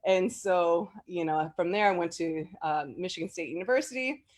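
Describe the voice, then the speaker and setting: A woman's voice: lowish voice, normal speed. Chatty woman telling personal stories. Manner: chatty, full of fillers, laughs often; animated when quoting people. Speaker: interview guest sharing memories. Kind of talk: casual personal storytelling.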